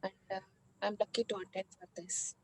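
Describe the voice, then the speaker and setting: A woman sharing feedback on a video call, halting with many pauses. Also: medium pitch, steady tone, a little mellow, a little hiss or hum, rough recording. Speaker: retreat participant. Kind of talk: sharing feedback in an online meeting.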